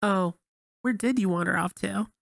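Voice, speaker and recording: A man voicing a sweet-talking but sinister young woman who speaks softly in a raised, gravelly voice. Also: high-pitched, normal speed, no echo, voice pushed up. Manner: sugary, soft-spoken, falsely sweet.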